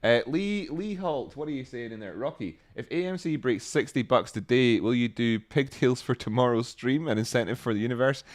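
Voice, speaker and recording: Excitable man hosting a stream. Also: normal speed, few pauses, dry recording, clean studio sound. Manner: excitable, joking, with sudden high exclamations. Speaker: livestream host. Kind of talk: casual chat reading viewer comments.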